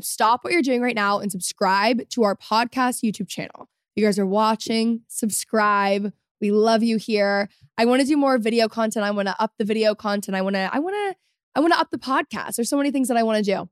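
Young female podcast host, high-ish voice, self-mocking rambler, dry booth sound. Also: dry recording. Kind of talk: solo podcast chat.

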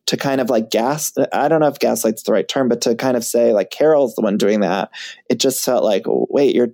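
A man chatting as a podcast guest, animated and self-mocking, laughing at himself often. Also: medium pitch, a little fast. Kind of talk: casual chat.

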